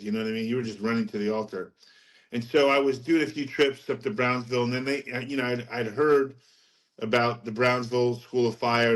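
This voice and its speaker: A middle-aged man, a podcast guest, telling his faith story in a rambling, animated way and laughing at his own anecdotes. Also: medium pitch, low-quality recording. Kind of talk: casual testimony storytelling.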